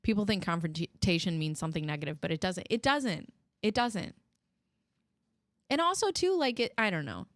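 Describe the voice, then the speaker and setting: A woman hosting a casual chat show, telling animated stories, mimicking people in high, raised voices and swearing freely. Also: normal speed, dry recording, clean studio sound. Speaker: host.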